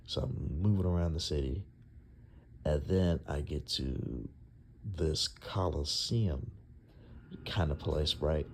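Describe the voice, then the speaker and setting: A young man with a low, deep voice tells a long dream in a casual, rambling way. He stumbles through fillers and restarts as he goes. A faint ambient hum sits under the recording. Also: darkish tone. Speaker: storyteller.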